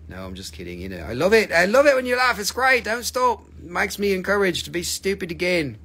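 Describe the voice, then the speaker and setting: A man's voice: a little high, sing-song, a little fast, hardly any pauses, fairly bright tone. Playful man hosting a crystal sale. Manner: joking, playful, chatty with viewers. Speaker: host selling crystals on a livestream. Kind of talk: live sales stream chat.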